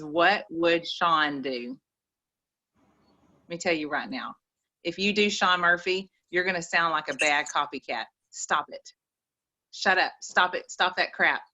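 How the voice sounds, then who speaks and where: A woman's voice: fairly low pitch, bright, forceful tone, rough recording. A woman with an East Texas accent giving folksy, preachy motivational advice on a group call. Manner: folksy, preachy, says y'all.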